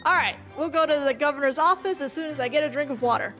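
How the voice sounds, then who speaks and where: A woman's voice: sits high, quick pace, sharp tone, faint music behind. A woman streaming a story game, chatting casually and joking about herself. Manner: chatty, self-deprecating. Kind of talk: casual let's-play commentary.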